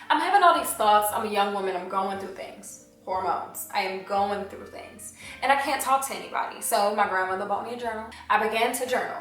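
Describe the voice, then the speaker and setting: Candid young woman, very echoey room. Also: medium pitch. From Washington, D.C. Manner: candid, confessional, emotional. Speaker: vlogger sharing her testimony. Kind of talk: personal testimony, talking to camera. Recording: very echoey room, voice away from the mic, faint music.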